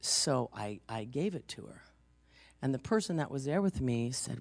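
Gravelly-voiced woman pastor, chatty. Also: very deep voice, animated, normal speed, darkish tone, no room sound. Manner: chatty storytelling, frequent "you know", laughs easily. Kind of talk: conversational sermon.

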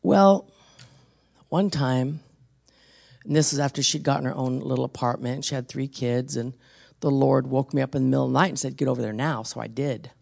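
A preacher giving an intense sermon with a personal testimony, dropping to hushed tones and then building to forceful exhortation. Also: medium pitch, moderate pace, gravelly.

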